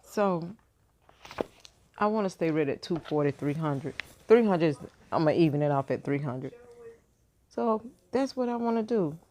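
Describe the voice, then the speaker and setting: Speaking in a low, dark-toned voice, a woman in her fifties chats casually with her viewers from her bed at home. She rambles and thinks aloud, using lots of fillers and restarts.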